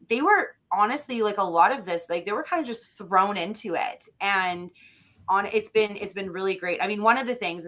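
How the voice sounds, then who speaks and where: Bright, chatty woman from Alberta. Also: medium pitch. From Alberta, Canada. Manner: chatty and animated, with many fillers and acted-out quotes. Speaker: podcast guest. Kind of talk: casual conversational interview.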